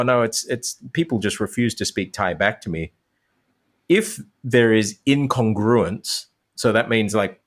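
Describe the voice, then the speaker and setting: A man, a language teacher, talking as a guest in a casual podcast interview, animated and dropping into quick voiced examples. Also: fairly low pitch.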